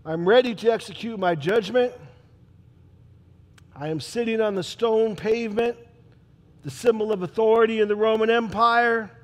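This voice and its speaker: A man playing a troubled, proud Roman governor in a dramatic church monologue, emphatic and swinging between loud declarations and hushed asides. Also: high voice, in a large hall. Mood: commanding. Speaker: character monologue performer.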